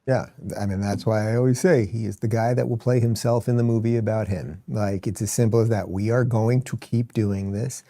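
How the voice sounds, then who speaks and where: A male host rants through his political commentary, sarcastic and exasperated. His voice is low and dark. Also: fairly even intonation, brisk, hardly any pauses. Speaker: show host.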